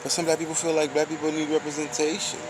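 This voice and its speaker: A man's voice: on the high side, flat delivery, fast talker, heavy background noise. Slangy man preaching on a street. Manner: preachy, fires off rhetorical questions; loose slangy delivery. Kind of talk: casual street monologue.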